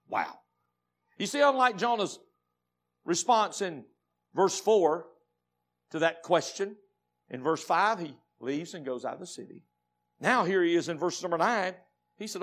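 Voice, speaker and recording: A man with a Southern American accent preaching a dramatic Baptist sermon, dropping to low murmurs and rising to shouts. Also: big pitch swings, unhurried, pauses often. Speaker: pastor.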